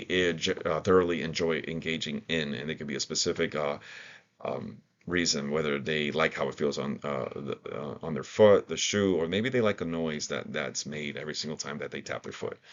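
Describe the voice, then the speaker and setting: A man with an extremely deep voice walks new staff through a training session off the cuff. He stops and restarts often, with lots of ums and uhs. The recording sounds dull and lo-fi. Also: normal speed, a bit bright. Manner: hesitant, many fillers and restarts. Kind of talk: unscripted training talk.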